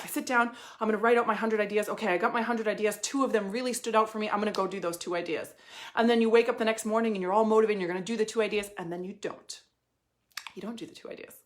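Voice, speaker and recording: A woman's voice: medium pitch, fast. A woman coaching in a casual motivational monologue, emphatic and swearing, laughing at times. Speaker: life and money coach.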